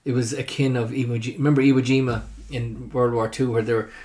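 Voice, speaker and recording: A man, a podcast guest in casual chat, speaking haltingly and restarting sentences. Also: mid-range voice, flat delivery, a loud crowd.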